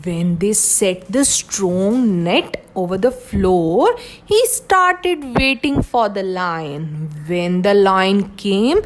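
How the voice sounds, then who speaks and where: A woman playgroup teacher telling a story to young children in an expressive way. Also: medium pitch. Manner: slow, sing-song and expressive.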